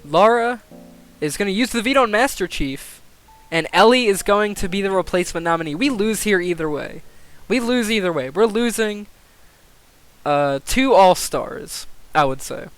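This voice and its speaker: A young man commentating a game simulation on a live stream, excitable, swearing and thinking aloud. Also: high voice, normal speed, clear, resonant tone, faint music behind.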